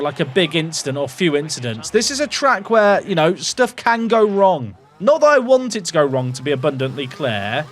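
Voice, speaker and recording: A man hosting and commenting on his racing management game, thinking aloud about strategy with wry asides to his chat. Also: on the high side.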